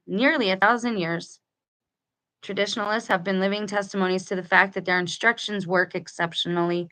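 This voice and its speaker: A woman reads passages from a book to her viewers, her voice sitting at a middling pitch. Between passages she drifts into casual, chatty remarks, restarting her sentences as she goes. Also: a bit bright. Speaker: channel host reading a book aloud with commentary. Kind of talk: reading aloud with casual commentary.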